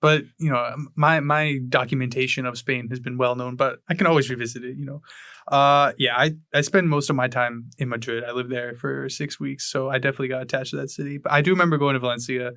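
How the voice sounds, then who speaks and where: A young man co-hosting a podcast, talking in casual chat, halting and restarting phrases, with the odd swear word. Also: mid-range voice, steady tone, bright, forceful tone, no echo, studio quality. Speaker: podcast co-host.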